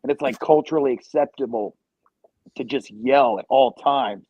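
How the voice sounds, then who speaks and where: A man's voice: medium pitch, normal speed, dry recording, muffled recording. Man in his 30s, profane joking podcast talk. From Ohio. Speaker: podcast guest. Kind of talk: casual podcast chat.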